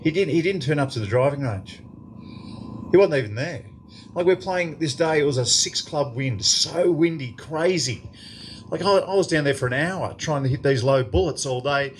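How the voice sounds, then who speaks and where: Speaking at normal speed in a fairly high voice, a fifty-something Australian entertains a club function room as an after-dinner guest, spinning a profane, lively anecdote for the crowd. A little background noise can be heard.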